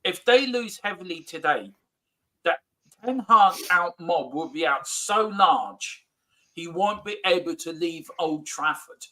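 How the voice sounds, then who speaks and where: A man chatting as a football fan on a live watchalong, excitable and cheering the play aloud. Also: on the high side, measured pace, poor audio. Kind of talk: casual watchalong banter.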